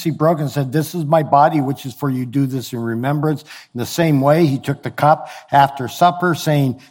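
A man's voice: medium pitch, darkish tone. A man preaching a sermon in a conversational way, explaining scripture with everyday examples. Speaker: pastor.

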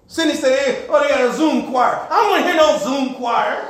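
A man preaching a sermon as pastor. He swings from loud to hushed and laughs as he preaches. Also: very high-pitched, fairly quick, roomy sound. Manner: laughs while preaching, acts out quoted voices.

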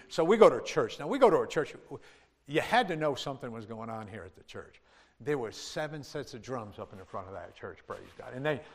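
An older man preaches in a humorous, chatty testimony style, his voice sitting at an ordinary middle pitch. He laughs as he tells his tales and throws in praise God. A long reverb from a large hall trails after his words.

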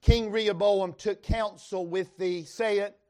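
Speaking in a high, mellow voice with a steady tone and measured pace, a Western North Carolina preacher reads scripture to his congregation. His sermon at the church revival is folksy and emphatic.

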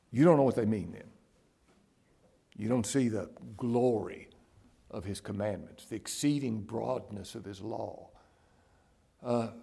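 A man preaching a sermon, dropping to hushed whispers and rising to raised exclamations. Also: mid-range voice, vocal fry, slightly rough.

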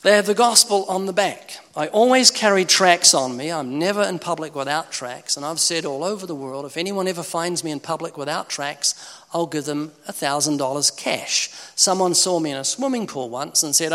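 A man's voice: on the high side, normal speed. A man, giving a humorous preaching talk on evangelism and acting out conversations. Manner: animated, humorous, acts out conversations. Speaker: evangelist speaker. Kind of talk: preaching talk with acted dialogues. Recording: echoey hall reverb.

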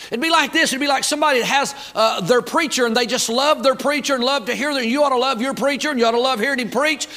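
A man's voice: extremely high pitch, fast talker, pushed and bright. A man preaching a sermon, fired up and folksy, talking back and forth with the crowd. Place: church auditorium.

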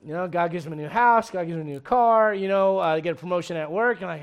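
Speaking fast in a high voice with a clean tone, this pastor delivers a lively, funny sermon and fires rhetorical questions at the congregation. The audio itself sounds dull.

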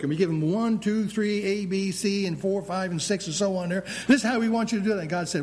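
A pastor preaching with a high, mellow voice, his delivery animated as he acts out voices of God and believers. A faint background ambience is heard behind him. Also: quick pace, hardly any pauses, a little hiss or hum. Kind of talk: sermon.

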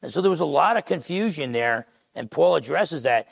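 A man's voice: fairly high pitch, animated, fairly quick, vocal fry, breathy edge, no echo. A middle-aged man with a New Jersey accent, preaching a sermon and telling a story, acting out the people he quotes. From Essex County, New Jersey. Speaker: pastor.

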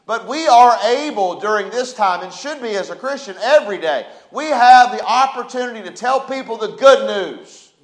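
High-voiced man preaching. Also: animated, normal speed, few pauses, low-quality recording. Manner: preaching with rising emphasis and call-and-response. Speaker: pastor. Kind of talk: sermon. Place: church sanctuary.

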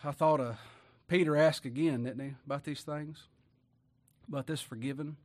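A man's voice: fairly high pitch, fairly even intonation, normal speed, a little mellow. A middle-aged man preaching a sermon in a folksy way, firing rhetorical questions at his congregation.

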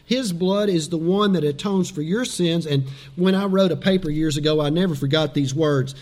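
High-voiced animated male preacher. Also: normal speed. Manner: animated, dramatic delivery with sudden soft drops. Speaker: pastor. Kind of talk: sermon.

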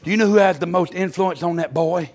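A man preaching a fervent revival sermon in a church, moving between quiet storytelling and loud shouted exclamations. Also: sits high, fast. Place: church sanctuary.

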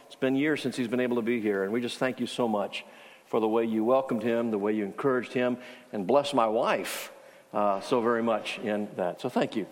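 A man preaching a sermon as pastor, telling a story in a conversational way with frequent restarts. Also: medium pitch. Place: church sanctuary. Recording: long hall reverb.

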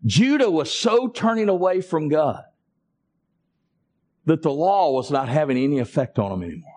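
A male pastor preaching a sermon, calling out to the congregation and building up to impassioned, near-shouted passages. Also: a little high, very animated, normal speed. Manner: calls to the congregation in a Southern US vernacular.

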